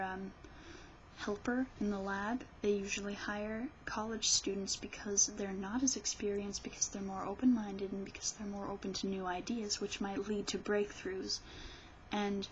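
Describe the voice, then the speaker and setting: A woman's voice: medium pitch, highs cut off, a little hiss or hum. A woman vlogger ranting about politics in a rambling, sarcastic way, often restarting her sentences. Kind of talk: casual political rant.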